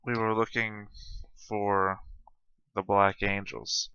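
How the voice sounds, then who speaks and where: A man's voice: on the low side, level tone, takes it slowly, sharp tone, clean tone, dry recording. A man playing a tabletop game as a player, with dry, blunt humor, on a dull, dry lo-fi microphone. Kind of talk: tabletop game role-play.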